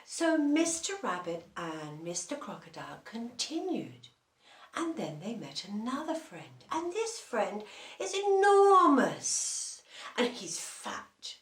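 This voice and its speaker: A woman telling a children's story, slow and lively, asking the listeners questions. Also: medium pitch. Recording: roomy echo.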